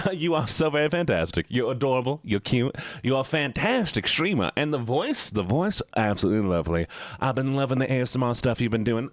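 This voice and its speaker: A man putting on a Southern accent to shower a viewer with drawn-out, gushing praise. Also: mid-range voice, dry recording, studio quality, natural voice. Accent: American Southern (put on). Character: sweet-talking Southern man, doting and encouraging.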